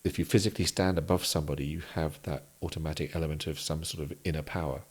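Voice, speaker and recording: A man from Kenya, a podcast guest, telling animated stories in casual conversation with frequent restarts. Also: extremely low pitch, quick pace, slightly rough.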